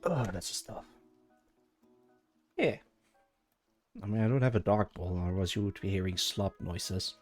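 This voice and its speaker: A low-voiced man chatting on a live stream, wandering from tangent to tangent as he thinks aloud. He talks casually to his viewers, with faint music playing behind him. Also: moderate pace, long pauses. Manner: rambling, thinking aloud, talking to chat.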